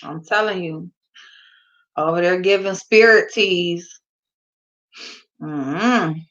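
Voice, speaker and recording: Brief: slow, higher-voiced woman livestream host, giggly and blunt, on dull lo-fi audio. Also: a bit bright. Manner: giggly, laughing through her words; slangy, blunt, swears freely. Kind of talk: casual chat with live viewers.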